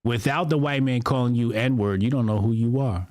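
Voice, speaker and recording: A man co-hosting a podcast, talking in a casual, animated, mocking way and often mimicking other people. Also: medium pitch, normal speed, no echo. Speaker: podcast co-host.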